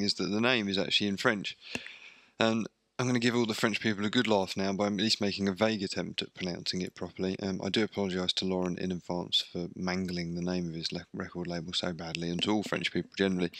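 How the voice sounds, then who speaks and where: A man's voice: low-pitched, a bit bright, dry recording, clean studio sound. A man hosting a radio show, talking casually and rambling with lots of ums and self-deprecating asides.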